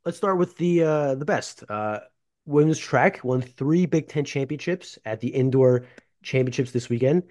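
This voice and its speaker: A man's voice: medium pitch, a little mellow. A man co-hosting a casual sports podcast as a beat reporter, joking at his own expense with plenty of fillers. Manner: quick, self-deprecating, with fillers.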